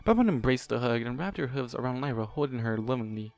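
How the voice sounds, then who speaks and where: Smooth-voiced male audiobook narrator. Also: medium pitch, animated, quick pace, a little mellow. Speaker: audiobook reader. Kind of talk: scripted narration.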